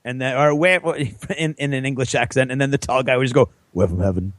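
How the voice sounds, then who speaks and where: A man's voice: medium pitch, steady tone, brisk, fairly bright tone, no room sound. A man co-hosting a podcast, telling a long story in casual chat with rambling enthusiasm. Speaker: podcast co-host.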